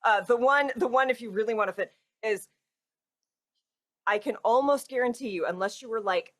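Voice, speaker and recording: A woman's voice: a little high, moderate pace, a bit bright. A woman with a North Texas accent chatting as a podcast guest, self-deprecating and laughing between remarks. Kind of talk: casual chat.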